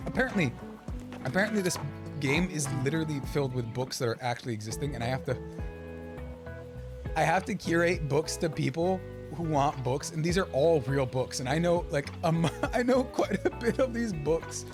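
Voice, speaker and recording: Excitable young male streamer. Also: a little high, moderate pace, over music. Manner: excitable, rambling, chatty. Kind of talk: casual gameplay commentary.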